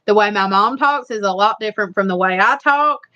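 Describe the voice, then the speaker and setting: A woman's voice: medium pitch, fairly quick, pushed and bright. Woman, Eastern Kentucky Appalachian accent, casual live chat, rambling, dull lo-fi audio. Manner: rambling, repetitive, chatty. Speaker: livestream host.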